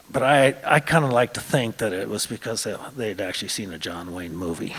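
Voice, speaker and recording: A man in his sixties from Montana telling a true story on stage, conversational, often pausing on "uh" and repeating words. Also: medium pitch. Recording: long hall reverb.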